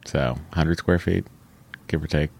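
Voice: very deep voice, a little slow, creaky, darkish tone, breathy edge. A podcast co-host trading jokey, playful banter in casual chat.

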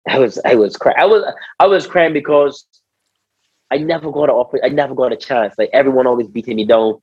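A Barbadian man telling a story in an interview, animated and slangy and stumbling over repeated words. His voice is husky and mid-pitched. The sound is dull and dry, close to the mic. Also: a little fast, dry recording. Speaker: interview guest, former cricketer. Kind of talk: storytelling in casual conversation.

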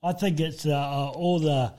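A man's voice: fairly high pitch, fairly even intonation, measured pace, dark tone. A young New man co-hosting a podcast, throwing out brash, heavily sweary banter in casual chat. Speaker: podcast co-host.

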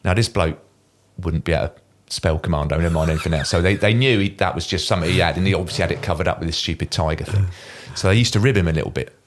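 A middle-aged man, a former Royal Marine guest telling an animated war anecdote in a casual interview. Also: deep voice, very fast, few pauses, slight background noise. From Kent, England. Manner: animated anecdote teller, mimics voices in quoted lines.

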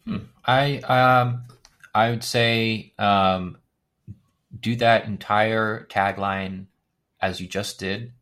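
Hesitant low-voiced male guest. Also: fairly even intonation, a bit bright. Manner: hesitant, halting, full of ums. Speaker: podcast guest, designer. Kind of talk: casual interview.

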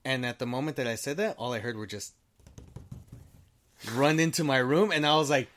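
A man telling a story in an easygoing, unscripted way, with a voice of ordinary pitch for a man. He wanders, restarts his sentences and swears freely. He acts out the back-and-forth of what people said in little quoted bits. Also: moderate pace, a bit bright. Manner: rambling, with frequent restarts. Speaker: storyteller guest. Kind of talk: casual storytelling.

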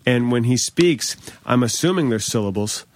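A man's voice: mid-range voice, lively intonation, moderate pace. A man in casual chat, joking and self-deprecating as he tells stories.

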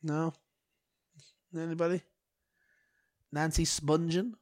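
A man's voice: fairly high pitch, flat delivery, slow, dry recording, studio quality. A man hosting a podcast, rambling and swearing with mock outrage and a bad cough. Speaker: podcast host. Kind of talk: rambling solo podcast chat.

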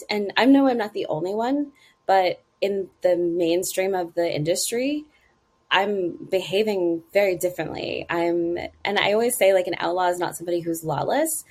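Husky, animated woman. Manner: animated, rises sharply in pitch for emphasis. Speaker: guest, marketing consultant. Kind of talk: casual interview conversation.

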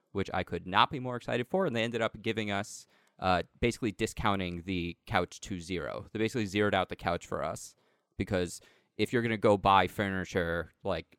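A man's voice: low voice, a bit bright, clear, resonant tone, no room sound, clean studio sound. A man telling a casual story in a chat, rambling and filling gaps with "like" and "um.". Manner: rambling, heavy use of "like" and "um".

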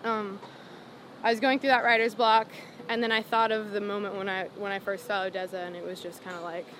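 A young woman, a singer-songwriter, telling her story in a casual interview, full of "like" and "um" and animated retellings. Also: medium pitch, fairly quick, a little hiss or hum. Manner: rambling, lots of "like" and "um", animated retelling.

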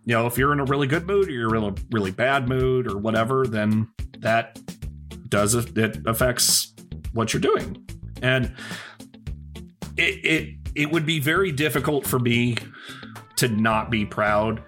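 A young man co-hosting a podcast, musing thoughtfully and tripping over his own starts. His voice sits at a middle pitch. Low music plays in the background. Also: fairly bright tone. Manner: reflective, halting, restarts often. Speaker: podcast co-host. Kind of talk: casual chat.

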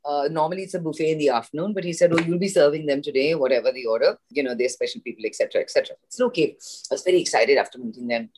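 A woman from India, an actress, telling an animated story in a casual interview, acting out the dialogue. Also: sits low, rapid-fire, husky. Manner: animated anecdote with acted-out dialogue and laughs. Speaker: guest actress.

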